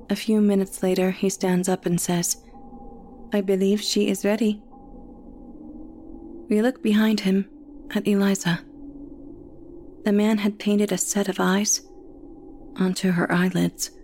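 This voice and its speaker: A woman reading a first-person story in a quiet, reflective way. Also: mid-range voice, slight background noise. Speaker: narrator.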